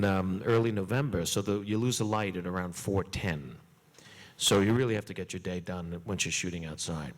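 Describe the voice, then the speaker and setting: A man with a somewhat low voice tells a comic story on stage, animated and swooping up for punchlines. His voice carries a long reverb from a large hall. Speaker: comedian guest.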